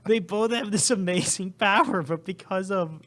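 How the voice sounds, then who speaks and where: A man's voice: high-pitched, moderate pace, a bit bright. A man co-hosting a podcast in casual comedic chat, rambling with lots of fillers and laughter. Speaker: podcast co-host.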